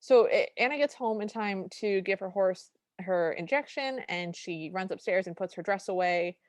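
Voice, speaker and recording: A woman's voice: mid-range voice, normal speed, no room sound. A woman co-hosting a podcast, recapping a film scene by scene in casual chat and acting out the characters' lines as she goes. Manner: animated retelling with quoted lines. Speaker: podcast co-host.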